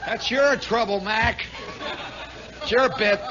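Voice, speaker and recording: A man voicing a gruff male traffic cop who orders a driver to pull over. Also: high voice, slow, sharp tone, dull audio, a faint crowd, full character voice.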